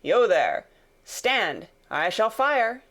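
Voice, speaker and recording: Woman playing a gruff, wary coach guard. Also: medium pitch, lively intonation, normal speed, natural voice. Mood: challenging. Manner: barking, challenging shouts.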